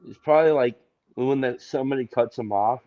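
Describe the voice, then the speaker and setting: A man's voice: medium pitch, fairly quick, mellow, dull audio. A man hosting a casual chat, joking and rambling loosely. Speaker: host.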